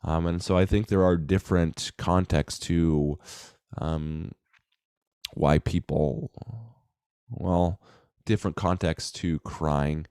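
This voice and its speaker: A man with an extremely deep, dark, mellow voice talks loosely and thoughtfully to his viewers. He restarts his sentences and fills his pauses with ums. The sound is close and dry. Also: steady tone, smooth, no room sound. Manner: reflective, loose, many fillers and restarts. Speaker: self-help vlogger. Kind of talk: casual monologue to camera.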